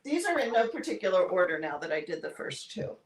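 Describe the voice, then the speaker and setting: A woman's voice: mid-range voice, big pitch swings, fast talker. A woman with a Midwestern American accent, chatting playfully and teasing as co-host. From Midwestern United States. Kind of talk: casual chat. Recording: echoey room, faint noise.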